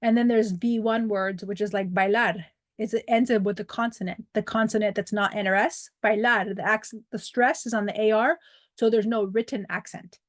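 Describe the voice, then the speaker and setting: A woman's voice: medium pitch, steady tone, moderate pace, dry recording, clean studio sound. A woman teaching a Spanish lesson over a video call, reading words and their English meanings, with chatty asides. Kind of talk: online language lesson. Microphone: computer mic on a video call.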